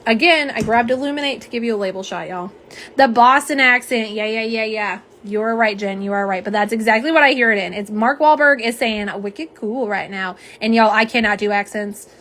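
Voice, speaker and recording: A woman's voice: a little high, a little fast, fairly bright tone. A middle-aged woman hosting a casual livestream, chatting with viewers and reading their comments aloud in a bubbly way. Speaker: nail polish livestream host. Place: home setup for live streaming. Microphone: phone camera on a live stream.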